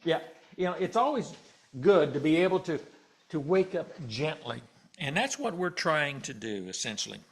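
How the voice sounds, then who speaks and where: A man's voice: a little high, sing-song, normal speed. Male minister, folksy and joking, conversational sermon on a church mic. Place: church hall. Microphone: handheld or stand mic, slightly ringing.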